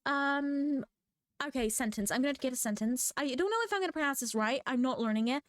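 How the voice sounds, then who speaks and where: A teenage girl ranting as a vlogger, telling stories in an animated, rambling way that keeps correcting itself. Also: high-pitched, brisk, no echo. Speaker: VTuber vlogger. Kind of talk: rambling rant.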